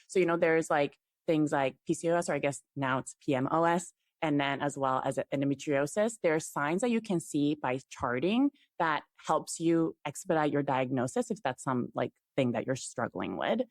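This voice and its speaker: A woman's voice: deep voice, lively intonation, moderate pace, hardly any pauses, no echo, studio quality. A young woman speaking as a guest on a casual podcast, talking chattily with many "like" fillers and plenty of enthusiasm. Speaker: guest, fertility app CEO.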